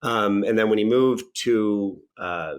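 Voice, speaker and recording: A man, an actor and comedian, chatting as a podcast guest and telling stories in a lively way with frequent restarts. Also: on the low side, slow. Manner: lively storyteller with laughs and restarts. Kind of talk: casual podcast interview.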